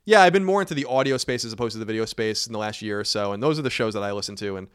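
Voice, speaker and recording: A man hosting a casual podcast, blunt and quick, swearing now and then into a close mic. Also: lowish voice, fairly bright tone, clear, resonant tone, no echo. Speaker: podcast host.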